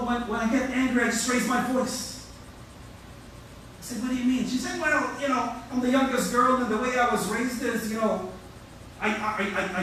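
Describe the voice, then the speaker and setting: A man's voice: high-pitched, a little hiss or hum. A man preaching as an imam, talking energetically and conversationally, repeating words as he goes, recorded in a mosque prayer hall. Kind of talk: sermon. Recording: echoey hall from far off.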